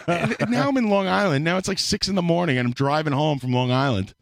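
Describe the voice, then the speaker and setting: A man's voice: a little high, fairly quick, gravelly, no room sound. A man telling a long story in casual, profane chat on a podcast, speaking close to the mic. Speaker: podcast co-host.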